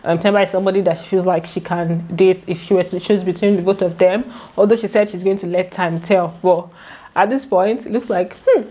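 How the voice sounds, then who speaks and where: A woman's voice: fairly low pitch, steady tone, brisk, warm tone. A young woman, chatting directly to her viewers in a casual commentary vlog. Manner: chatty, talks straight to viewers. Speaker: YouTuber recapping a reality show.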